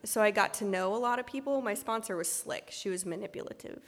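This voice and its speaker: A woman with a gravelly, fry-edged voice speaks frankly and with self-mockery about her own past, circling back with fillers and restarts as she tells her recovery story. Her voice rings out with a long hall reverb behind it. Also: medium pitch, fast. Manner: candid and self-deprecating, many ums and restarts. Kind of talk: personal testimony talk.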